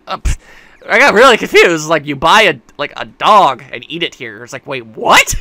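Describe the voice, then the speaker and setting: A man's voice: fairly high pitch, very animated, moderate pace, bright, forceful tone, no echo. A man giving casual, joking, rambling gameplay commentary as a let's play host. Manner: joking, rambling, laughs often.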